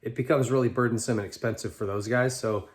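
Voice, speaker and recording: A man's voice: medium pitch, steady tone, quick pace. A man hosting a talk show, answering listener letters in a loose, rambling conversational way with lots of restarts. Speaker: podcast host and bike tester. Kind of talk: casual chat answering listener mail.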